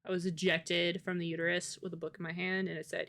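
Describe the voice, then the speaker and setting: A woman's voice: on the low side, little pitch movement, quick pace, a bit bright. An American woman livestreamer chatting casually with viewers, rambling and laughing often. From United States. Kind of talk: casual chat with live viewers.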